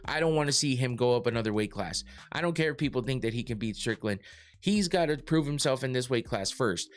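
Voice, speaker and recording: A man's voice: medium pitch, expressive, fairly quick. A man hosting a casual podcast, rambling through his points with lots of fillers, restarts and swearing. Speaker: podcast host reading live chat.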